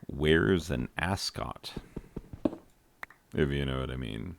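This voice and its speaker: A man's voice: rumbling low, lively intonation, takes it slowly, vocal fry, pauses often, noisy background. An American man hosting a gaming channel, rambling and joking with many fillers while he plays. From United States. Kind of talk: rambling commentary while playing a video game.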